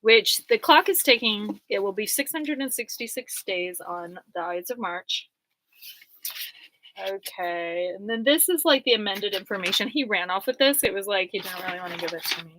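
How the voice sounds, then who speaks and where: A woman with a mid-range, fairly bright voice and lively intonation rambles casually at a moderate pace while going through her court papers for her vlog. She's chatty, laughs often and fills her speech with "like." The low-quality recording carries a little hiss or hum.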